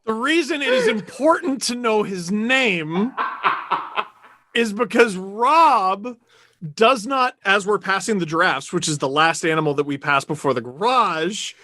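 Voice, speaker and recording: A man hosting a podcast, telling a story with animated energy, cursing and getting loudly indignant. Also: sits high, a little slow, no echo. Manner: animated storyteller, swears, gets loud and indignant. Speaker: podcast host. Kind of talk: casual podcast chat.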